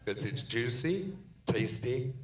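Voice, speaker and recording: Male contestant, lively intonation, cheeky, distant in an echoey hall with crowd. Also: medium pitch, takes it slowly. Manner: cheeky and playful. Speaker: pageant contestant. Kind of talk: live on-stage interview. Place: theater stage at a live pageant.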